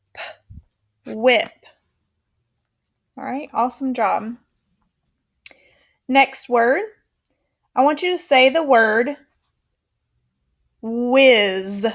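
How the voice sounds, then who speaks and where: A recorded phonics lesson for young children is led by a woman teacher whose voice is a little high. She keeps it slow, clear and encouraging, with counted call-and-response.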